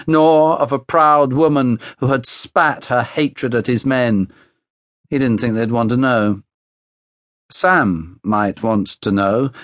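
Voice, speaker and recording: A man narrating a thriller audiobook in a measured, steady storytelling manner, close to the mic. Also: mid-range voice, no echo. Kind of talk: scripted narration. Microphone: close studio mic.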